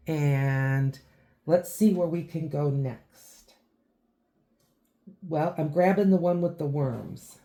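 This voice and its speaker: A woman with a low voice talks slowly through a beginner painting lesson. She chats and thinks aloud as she works, easygoing and unhurried. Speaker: art teacher. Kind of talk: watercolor tutorial.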